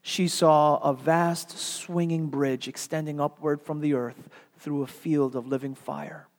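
A man's voice: a little high, fairly even intonation, unhurried. A male pastor delivering a sermon with dramatic, earnest storytelling. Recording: long hall reverb.

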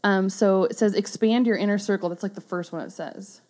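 A woman's voice: mid-range voice, a little fast, a little mellow. Giggly young woman hosting a podcast. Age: 20s. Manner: giggly, laughs often. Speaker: podcast host. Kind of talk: casual chat.

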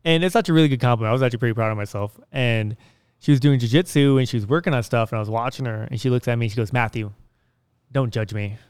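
A man's voice: mid-range voice, rapid-fire, darkish tone, clear, resonant tone, dry recording. A man hosting a casual podcast, rambling and upbeat as he tells stories into a close mic. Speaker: podcast host.

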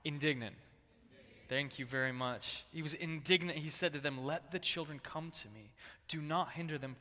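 A man's voice: a little high, moderate pace, in a large hall. A male pastor preaching a sermon in a casual, conversational way, calling on the congregation to answer back. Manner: conversational, animated, prompts congregation to respond. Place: church sanctuary.

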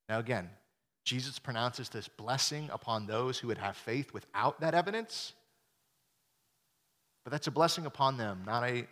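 A young man delivers a sermon as a pastor, his voice bright and forceful. He keeps it casual, with slang asides, and he acts out the lines he quotes. A long hall reverb trails behind every phrase. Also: medium pitch.

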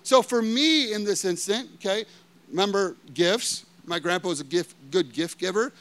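A high-voiced man with a fairly bright tone preaches at normal speed. His sermon unfolds as conversational personal storytelling, heavy on filler words like "like," with frequent questions to those listening.

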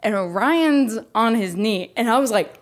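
A young woman co-hosting a podcast, telling a story in an animated way and laughing often. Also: a little high, normal speed. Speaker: podcast co-host. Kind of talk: casual chat.

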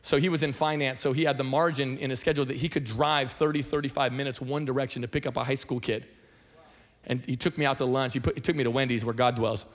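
A middle-aged man from Washington state, a senior pastor telling his testimony in a sermon, talking fast and conversationally with many restarts and repeated words. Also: mid-range voice, steady tone. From Washington state, USA.

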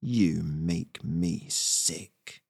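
A man voicing a ruthless male squirrel rebel leader, slow, snarling and commanding. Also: on the low side, dry recording, clean studio sound. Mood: contemptuous.

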